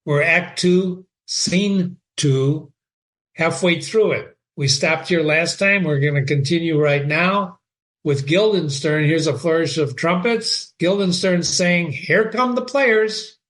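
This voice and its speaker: A man hosting a casual read-aloud of a play, his voice sitting a little high for a man. He breaks off between passages with chatty, offhand asides to explain what is going on. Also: takes it slowly, a bit bright. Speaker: host reading a play aloud.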